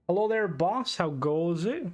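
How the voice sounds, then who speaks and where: A young man from Ireland with a softened Irish accent, casually chatting on his livestream, rambling, swearing and greeting viewers as he reads their comments. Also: high voice, lively intonation, measured pace, soft background music. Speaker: streamer.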